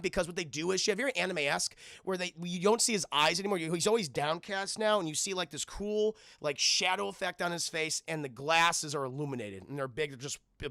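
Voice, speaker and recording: A man's voice: fairly high pitch, gravelly, pushed and bright, no room sound, clean studio sound. A man streaming a casual, rambling cartoon episode recap, swearing, talking to his chat and briefly acting out characters' lines. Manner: acts out characters' lines in quick voices.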